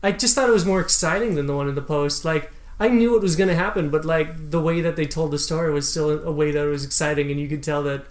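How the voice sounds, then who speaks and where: A man's voice: fairly high pitch, quick pace, few pauses. A young man co-hosting a casual movie podcast, laid-back and wry, often hesitant as he talks. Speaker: podcast co-host. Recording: echoey room.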